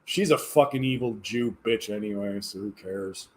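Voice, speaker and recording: A man's voice: lowish voice, normal speed, a little mellow, a little hiss or hum. A tired man chatting casually on a livestream, rambling and hesitant, often trailing off into mumbles. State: tired, yawning. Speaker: livestreamer reading chat.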